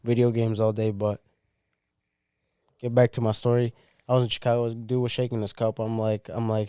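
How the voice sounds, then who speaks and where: A young man telling a story in casual chat, animated and swearing freely. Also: medium pitch, normal speed, long pauses, smooth, no echo.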